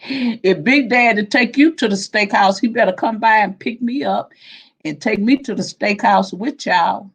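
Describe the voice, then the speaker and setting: A woman's voice: mid-range voice, normal speed, husky, poor audio. A woman hosting a casual livestream, laughing often as she greets viewers by name and reads their comments. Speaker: livestream host.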